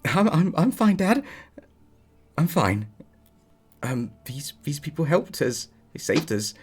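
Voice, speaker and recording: A man voicing a young dwarf son who stammers, pitched well above his own voice. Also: very animated, slow, soft background music. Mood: shaken. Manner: stammering, high and reassuring. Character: young male dwarf son, shaken but brave.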